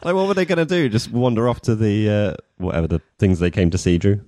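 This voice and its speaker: A man's voice: lowish voice, fast, warm tone, a little hiss or hum. A man co-hosting a casual podcast chat, retelling scenes with swearing and playful exasperation. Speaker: podcast co-host.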